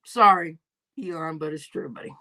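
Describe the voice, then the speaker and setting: A woman's voice: deep voice, moderate pace, bright, forceful tone. A young woman hosting a casual livestream, reading comments, laughing often and telling stories with lots of cursing. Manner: laughing, profane, storytelling with acted quotes. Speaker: livestream host.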